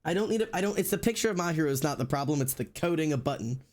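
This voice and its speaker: A man with a sore throat, chatting casually on a livestream while he draws, rambling and swearing freely in a deliberately low-energy way. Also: animated, darkish tone.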